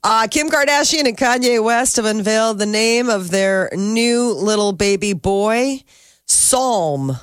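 A woman's voice: a little high, lively intonation, unhurried, clear, resonant tone, dry recording. Chatty woman with a dry close sound. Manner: chatty, breezy, laughs easily. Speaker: podcast co-host. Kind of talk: casual chat, reading celebrity news.

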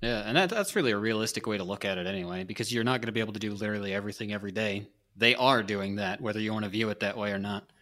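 A man co-hosting a podcast, chiming in agreeably in a relaxed, casual way. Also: lowish voice, very fast. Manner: agreeable, laid-back chiming in. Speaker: podcast co-host.

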